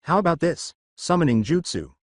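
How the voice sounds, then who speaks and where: A smug young ninja rival snaps out his lines, as a man plays him. The pitch moves a lot from line to line. The sound is dry and close. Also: big pitch swings, normal speed, no room sound. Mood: snappy. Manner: snappy, smug.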